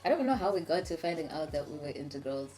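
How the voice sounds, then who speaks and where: A woman's voice: low voice, sing-song, fast, mellow, faint music behind. A young woman co-hosting a casual chat over a meal, frank and playful, laughing often. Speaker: co-host.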